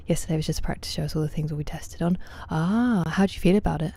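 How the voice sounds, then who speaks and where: Woman streamer, low and warm, casual chat to viewers with frequent hushed asides. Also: fairly even intonation, quick pace, hardly any pauses, husky. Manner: chatty, greets and answers chat by name, often drops to soft near-whispers. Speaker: game streamer. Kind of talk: casual live-stream chat while gaming.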